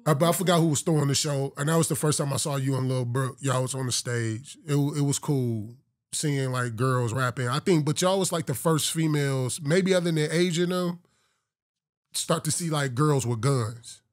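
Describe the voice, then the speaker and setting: A man hosts a casual interview in a relaxed, joking way. His voice sits at an ordinary male pitch. The recording is dry, with no room sound. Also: normal speed, no echo. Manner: relaxed, conversational, playful asides. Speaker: interview host.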